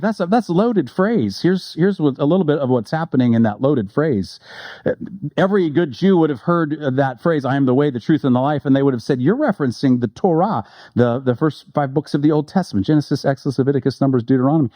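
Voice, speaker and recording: Mellow-voiced man preaching casually. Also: a little high, expressive, no echo. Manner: conversational and joking, reads quotes slowly with emphasis. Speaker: pastor. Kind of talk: sermon.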